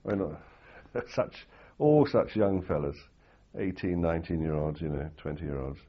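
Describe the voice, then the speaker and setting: Older male interviewee, anecdotal storyteller; deep, husky voice on a slightly dull recording. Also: unhurried. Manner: anecdotal, rambling with restarts and fillers. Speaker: interviewee recalling war reporting.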